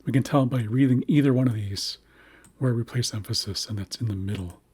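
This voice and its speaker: A man narrating a screen-share lesson, carefully explaining writing systems and slowly sounding out example words. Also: mid-range voice, a little mellow, slightly rough. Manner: careful, slow spelling-out of words. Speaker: language teacher.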